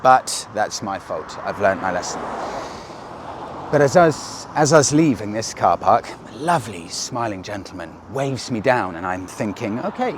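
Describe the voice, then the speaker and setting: Bike vlogger guy telling a story, lowish voice, noisy road behind. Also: expressive, normal speed. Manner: chatty, storytelling. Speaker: motorcycle vlogger. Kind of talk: casual vlog narration. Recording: outdoor noise.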